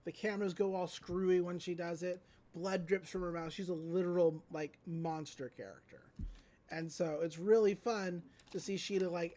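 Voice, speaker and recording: A podcast host with a mid-range, somewhat dark voice recaps a cartoon episode scene by scene. It's a loose, rambling retelling packed with likes, ums and little restarts, like a relaxed chat among friends.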